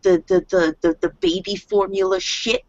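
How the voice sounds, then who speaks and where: A woman's voice: medium pitch, fairly even intonation, normal speed, no echo. A woman casually narrating her character in a role-play session, rambling and swearing. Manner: rambling, profane, giggly. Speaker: tabletop role-play player. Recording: dull lo-fi dry recording.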